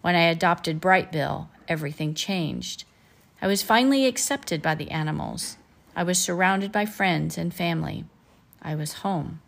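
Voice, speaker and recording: A woman reading aloud as a kind, gentle female robot from a children's storybook, in a calm and earnest voice. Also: on the low side, moderate pace, gravelly.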